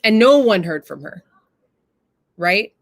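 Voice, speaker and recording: A woman's voice: medium pitch, expressive, slow pace, no echo. Earnest woman talking to viewers, dry sound. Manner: earnest, addresses viewers directly. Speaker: live-stream host. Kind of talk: casual reflective talk to viewers.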